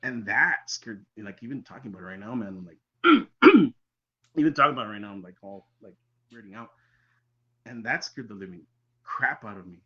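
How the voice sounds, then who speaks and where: A man, a podcast guest telling his own encounter story in an animated way that sometimes drops very quiet. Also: lowish voice, fast. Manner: animated storyteller, drops to near-whispers for tense moments. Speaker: interview guest. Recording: dull lo-fi sound.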